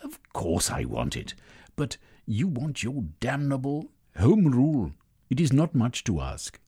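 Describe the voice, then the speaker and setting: A man's voice: mid-range voice, wildly swooping pitch, measured pace, mellow, slightly rough, voice pushed up, full character voice. A man doing a pompous, blustering British lord. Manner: pompous, blustering, ends lines with "what?".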